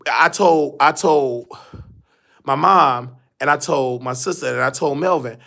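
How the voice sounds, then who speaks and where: A man's voice: medium pitch, a little slow, creaky, bright, forceful tone. A man hosting a live show, telling a rambling, repetitive story in casual chat. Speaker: host. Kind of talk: casual livestream monologue.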